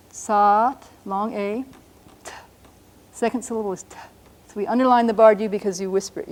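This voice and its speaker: A woman teaching a language lesson on a broadcast show, patiently explaining and slowing down to sound out words. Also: mid-range voice, darkish tone.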